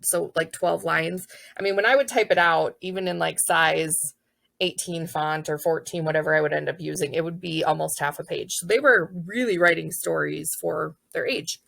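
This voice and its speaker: Young woman teacher chatting about kids writing, kinda low and gravelly, bright sound. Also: normal speed, no echo. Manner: chatty, upbeat, acts out child voices and praise. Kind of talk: casual teaching explanation.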